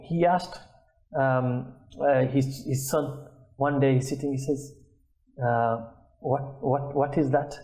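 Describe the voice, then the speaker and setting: A man's voice: fairly high pitch, mellow, roomy sound, rough recording. A man giving earnest, anecdote-filled religious talk. He often restarts his sentences. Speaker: religious talk show guest speaker.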